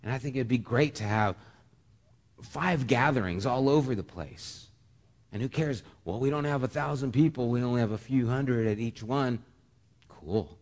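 A man's voice: medium pitch, normal speed, a little mellow. A man preaching as pastor, earnest and heartfelt, often stammering and repeating words. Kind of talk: sermon. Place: church sanctuary. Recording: long reverb of a church hall.

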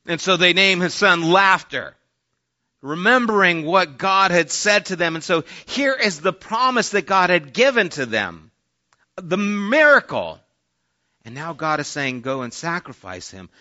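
A man's voice: sits high, sing-song, measured pace, pushed and bright. A man preaching a sermon in a conversational way, sometimes acting out the voices in the story he tells. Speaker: pastor. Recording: dull lo-fi sermon audio.

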